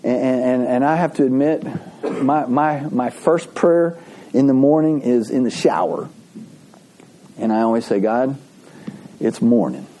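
A pastor giving a conversational sermon, telling folksy stories with frequent restarts and asides. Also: male voice, medium pitch, measured pace, mellow, slight background noise. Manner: folksy storytelling with laughs and restarts.

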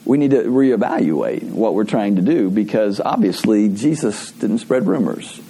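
A man's voice: mid-range voice, expressive, moderate pace, warm tone, breathy edge. A man preaching a sermon in a conversational way, asking rhetorical questions and adding playful asides. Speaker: pastor.

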